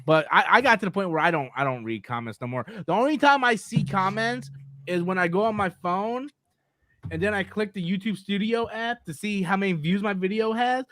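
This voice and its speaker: A man's voice: sits high, animated, brisk, a bit bright, no room sound. A man hosting a live movie talk stream, ranting casually, exasperated, repeating himself and swearing freely.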